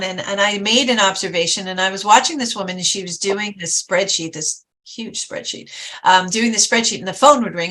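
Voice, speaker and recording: A woman talk-show host and success coach, chatty and animated, acting out quotes as she tells a story. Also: mid-range voice.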